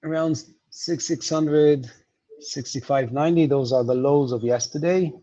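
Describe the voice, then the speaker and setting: A man's voice: a little high, unhurried, mellow, muffled recording. Hesitant man explaining market levels. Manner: explanatory, hesitant with many fillers. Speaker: market analyst guest. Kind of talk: livestream market analysis.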